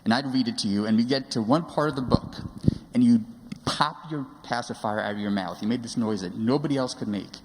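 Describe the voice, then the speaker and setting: A man's voice: mid-range voice, a little hiss or hum. A man in his forties, a father telling fond stories about his daughter, with hesitant fillers along the way. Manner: halting, with fillers, fond storytelling. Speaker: parent giving a speech. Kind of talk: personal storytelling speech. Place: large sanctuary. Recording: long reverb of a large hall.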